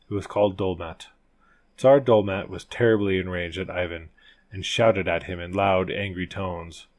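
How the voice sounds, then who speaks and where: A man narrating an old fairy tale for an audiobook in a measured, old-fashioned storytelling manner. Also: deep voice, darkish tone.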